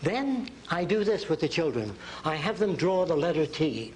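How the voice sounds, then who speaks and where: Older man, folksy college lecturer, high voice, blackboard talk, faint noise. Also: big pitch swings, moderate pace, poor audio. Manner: folksy, drawing on a blackboard while talking, acts out quotes. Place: lecture hall.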